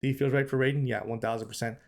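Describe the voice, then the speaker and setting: A man's voice: medium pitch, fairly even intonation, quick pace, gravelly. A man streaming live, giving casual, emphatic commentary and repeating his points, often calling the chat "bro".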